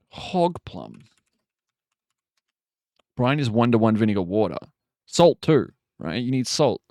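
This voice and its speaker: A man's voice: mid-range voice, no room sound, clean studio sound. A man in his forties, a streamer, casually chatting and ranting wryly while reacting to videos. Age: 40s. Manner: ranting, wry and exasperated.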